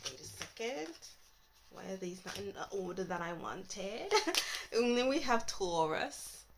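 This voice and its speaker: A woman's voice: mid-range voice, very animated, unhurried, gravelly, a little hiss or hum, rough recording. Musing woman reading tarot cards. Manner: thinking aloud, musing, trailing off mid-thought. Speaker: tarot reader. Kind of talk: casual tarot reading to camera.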